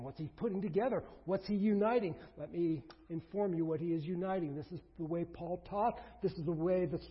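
A pastor preaching a sermon, emphatic, with rhetorical questions, swinging between loud and hushed. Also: male voice, high voice, slightly rough. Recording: reverberant hall, dull lo-fi sound.

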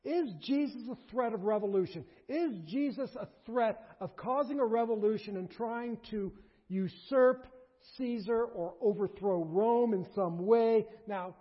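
Preacher man, high husky voice, gets loud then drops low, muffled echoey hall sound. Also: a little slow. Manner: animated, rising to emphatic bursts and dropping low. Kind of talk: sermon. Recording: dull lo-fi recording in a reverberant hall.

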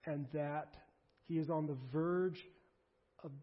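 A man's voice: a little high, little pitch movement, slow. Earnest male pastor in an echoing church. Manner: earnest, pleading, with restarts. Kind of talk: sermon. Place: church sanctuary. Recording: muffled sound with a long hall echo.

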